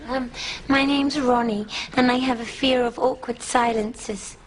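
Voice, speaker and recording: An actress playing a woman with a fear of awkward silences in a comedy sketch, speaking slowly and hesitantly. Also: a little high, fairly even intonation, background noise, lightly acted.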